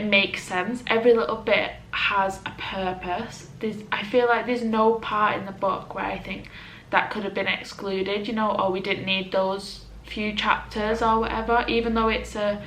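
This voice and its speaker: A woman's voice: mid-range voice, a bit bright, a little hiss or hum. A woman chatting casually as a book vlogger, rambling and emotional, with many restarts. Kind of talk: casual chat to camera. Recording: roomy echo with faint ambience.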